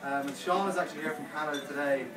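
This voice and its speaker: A man giving a best man's speech at a wedding, telling a story and quickly acting out what others said. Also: a little high, fairly even intonation. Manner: anecdotal, playing others' lines in quick quotes. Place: wedding reception hall. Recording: echoey hall, speaker far from mic, loud music.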